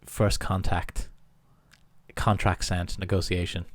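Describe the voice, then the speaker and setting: Irish man telling a lively story. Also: deep voice, slow, dry recording. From Ireland. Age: young adult. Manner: animated, acts out other people's lines. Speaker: podcast guest. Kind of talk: casual storytelling.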